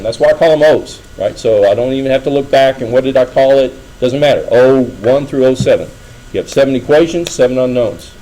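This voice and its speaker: A man's voice: medium pitch, animated, a little fast, mellow, poor audio. A middle-aged man giving a classroom lecture, talking casually and checking in with the students often. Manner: conversational, asks students frequent checking questions. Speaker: engineering lecturer.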